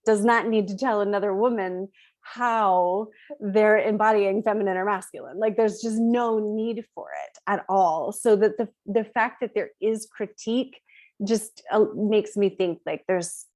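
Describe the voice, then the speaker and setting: A woman on a video call taking part in a roundtable, speaking reflectively and pausing to search for words. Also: medium pitch, fairly even intonation, a little mellow. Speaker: roundtable participant. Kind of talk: casual group discussion.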